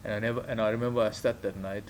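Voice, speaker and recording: Speaking rapid-fire in a lowish voice, a thirtysomething South African podcast guest relates stories casually, voicing the characters he quotes and laughing. A slight hiss or hum sits under the recording.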